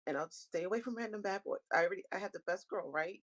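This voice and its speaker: A woman's voice: medium pitch, fast, a bit bright, lightly acted, low-quality recording. A woman voicing a heartbroken young woman who stammers tearfully as she pleads on the phone. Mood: pleading.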